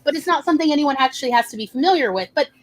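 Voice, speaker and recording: Woman co-host, high voice, chatty, emphatic, casual group chat. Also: expressive, very fast, a loud crowd.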